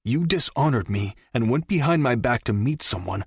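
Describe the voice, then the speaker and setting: A man narrating a first-person crime story in a measured, dramatic storytelling manner. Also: medium pitch, lively intonation, vocal fry, breathy edge, no echo, studio quality. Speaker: audiobook narrator.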